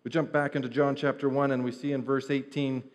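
A man's voice: mid-range voice, level tone, brisk. A man preaching an earnest sermon to his congregation, shifting his pace and stress as he teaches from Scripture. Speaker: pastor.

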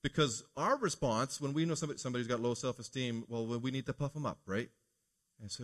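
A male pastor delivering a Sunday morning sermon in an earnest, preacherly way. He poses rhetorical questions to the congregation and leans on key phrases. His voice sits at an ordinary middle pitch for a man. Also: fast, fairly bright tone.

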